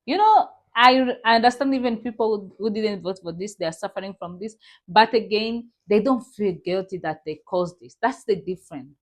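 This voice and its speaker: A woman's voice: medium pitch, normal speed. Indignant woman lecturing her viewers. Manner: indignant, lecturing, repeats points. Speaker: commentary vlog host. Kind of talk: reaction commentary.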